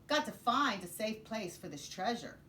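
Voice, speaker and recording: A woman voicing a loud, bossy male pirate captain in a storybook read-aloud, bellowing his orders. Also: very animated, normal speed. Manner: bellowing, booming pirate talk.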